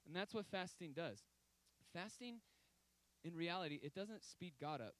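A man in his thirties preaching a sermon, telling stories with emphatic, sudden loud outbursts. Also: a little high, lively intonation, normal speed, rough recording.

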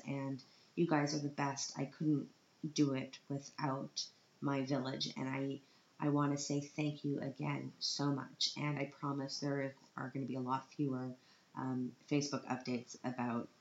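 A woman with a low voice talks casually about her life, chatty and quick with self-deprecating jokes. Her voice sits in a roomy space, and the recording sounds dull with a faint hiss. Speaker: mother giving a personal update. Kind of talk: casual personal monologue.

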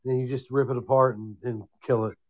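A man's voice: medium pitch, little pitch movement, brisk, a little mellow. A man co-hosting a podcast in casual chat, with easygoing, self-deprecating banter. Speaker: podcast co-host.

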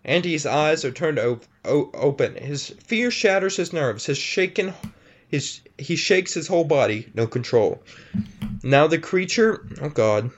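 Giggly casual reader, stumbling over words, very animated pitch, dull lo-fi recording. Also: unhurried, slight background noise. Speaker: reader of scary stories. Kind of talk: casual reading aloud with friends.

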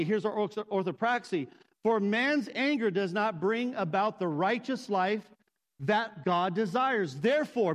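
High-voiced male pastor preaching. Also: low-quality recording. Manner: conversational preaching with humor and audience asides. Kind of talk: sermon.

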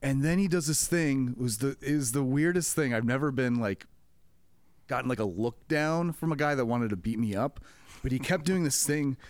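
Man, mid-pitched, animated storyteller acting out voices; dry close podcast mic. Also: moderate pace, no echo. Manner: animated storyteller, acts out quotes, laughs often. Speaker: podcast co-host, comedy club staff. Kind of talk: casual storytelling chat.

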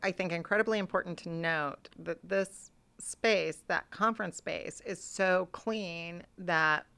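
A woman co-hosting a podcast, chatting casually and quickly agreeing with her co-host. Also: fairly low pitch, vocal fry, fairly bright tone, smooth. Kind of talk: casual chat.

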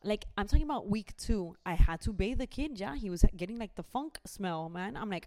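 A woman's voice: mid-range voice, lively intonation, brisk, hardly any pauses, warm tone. A young woman, chatting animatedly and dropping in Spanish phrases. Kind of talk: casual chat.

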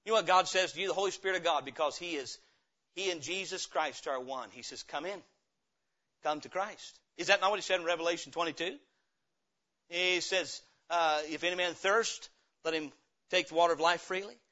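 A pastor preaching in a church, with a high, bright voice that has a sharp edge. He swings between ringing emphasis and low, quiet asides. The sermon recording sounds dull and lo-fi. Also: a little fast. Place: church sanctuary.

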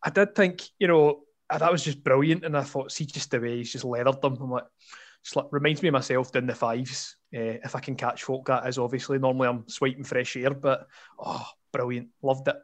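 Scottish male guest, jokey and casual, mid-pitched, everyday voice. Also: fairly even intonation, a little fast. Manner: banter, swears casually. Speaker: podcast guest. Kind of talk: casual chat.

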